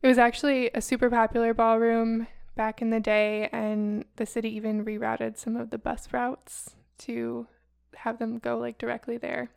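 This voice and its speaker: A chatty woman from the area with a slightly high, smooth and clear voice. She talks casually and laughs easily while walking a friend through a story. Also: completely flat delivery, normal speed, few pauses, a little mellow. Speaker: podcast co-host telling a ghost story. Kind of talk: casual chat.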